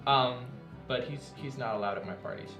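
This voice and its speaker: A man's voice: mid-range voice, normal speed, bright, forceful tone. A young man co-hosting a game stream, chatting casually and giving rambling, wry opinions. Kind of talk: casual chat while gaming. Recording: roomy sound with game music behind.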